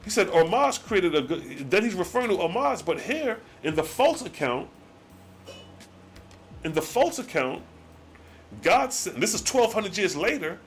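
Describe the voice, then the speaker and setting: Animated man reading and commenting on scripture. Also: high-pitched. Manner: alternates slow archaic reading with slangy commentary. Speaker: scripture study host.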